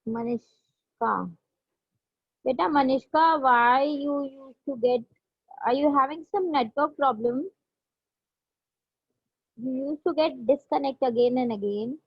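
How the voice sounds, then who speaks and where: A woman's voice: high-pitched, slow, long pauses, husky. A woman school teacher with an Indian English accent, teaching an online class and patiently repeating her questions. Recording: dull lo-fi online class audio.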